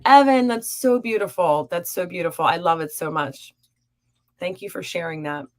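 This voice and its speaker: A young adult woman hosting a live stream as a psychic reader, chatting warmly and encouragingly with viewers. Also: lowish voice, normal speed. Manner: warm, encouraging and upbeat. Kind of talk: live-stream chat reading viewer comments.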